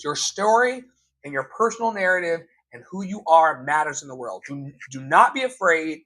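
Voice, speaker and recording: A man coaching his listeners in a live motivational talk, repeating key lines slowly for emphasis and calling them beloved. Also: on the high side, a bit bright, slightly rough, poor audio. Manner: emphatic, slow repetitions for effect. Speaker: life coach and show host.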